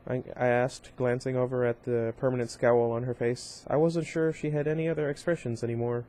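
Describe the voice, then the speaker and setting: In a mellow, mid-range voice, a reader goes through a novel a little fast and flatly, barely pausing. His casual, unpolished style brings occasional slips over words, quick self-corrections, and passing asides.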